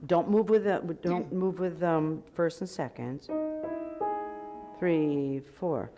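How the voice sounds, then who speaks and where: A woman's voice: fairly low pitch, takes it slowly. A woman directing a choir rehearsal, counting beats aloud and sometimes singing the counts to demonstrate. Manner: sings short count phrases to demonstrate. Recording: music heard clearly behind the voice.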